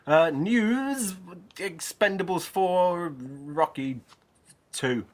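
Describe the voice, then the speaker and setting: A man's voice: high voice, animated, drawn-out words, darkish tone. A man co-hosting a podcast, grumbling and swearing in casual banter. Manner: grumpy, sweary. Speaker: podcast co-host.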